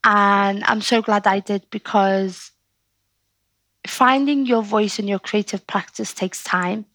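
A woman with a Scouse accent, a poet talking in a casual interview and telling her stories in a chatty, animated way. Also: medium pitch, no echo. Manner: animated, chatty storytelling with quick asides. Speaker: poet, guest.

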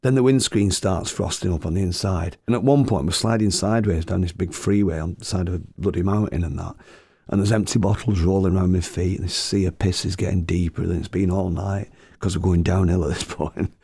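A man with a gravelly voice telling a comic story, swearing and chuckling as he goes. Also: low voice, steady tone, a little fast, dark tone, dry recording. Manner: swearing, chuckling anecdotal delivery.

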